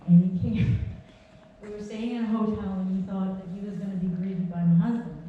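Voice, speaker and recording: A woman's voice: medium pitch, fairly even intonation, a little fast, phone-quality sound. A woman giving an informal, heartfelt eulogy at a dance community gathering, telling stories and laughing as she goes. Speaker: speaker at a memorial tribute. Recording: echoey hall from far off, faint background noise.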